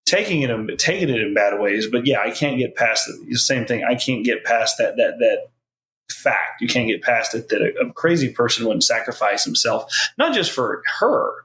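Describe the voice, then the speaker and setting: A man's voice: medium pitch, lively intonation, moderate pace, fairly bright tone, poor audio. Male podcast guest, mid-range voice, thoughtful casual film talk. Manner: thoughtful, restarts mid-sentence.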